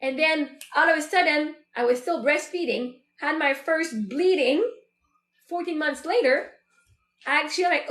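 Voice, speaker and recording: A woman's voice: high-pitched, unhurried, fairly bright tone. A woman in her thirties, hosting a show and speaking candidly in a personal, reflective monologue. She talks in a chatty way, with many fillers, and often quotes her own thoughts aloud. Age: 30s. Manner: candid, chatty, full of fillers and self-quoting. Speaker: show host. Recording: roomy echo.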